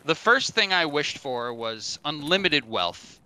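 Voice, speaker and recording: A man's voice: a little high, sing-song, a little slow, sharp tone, clean tone, voice pushed up, heavily acted. A man voicing a friendly, easygoing male bar regular who tells his story in a matter-of-fact way.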